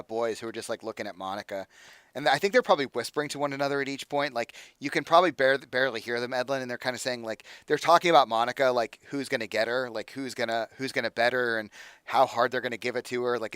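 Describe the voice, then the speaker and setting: A male game master narrating a tabletop game, casual and rambling, with lots of filler words. His mid-pitched voice is recorded dry and close. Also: a bit bright, clear, resonant tone, no echo.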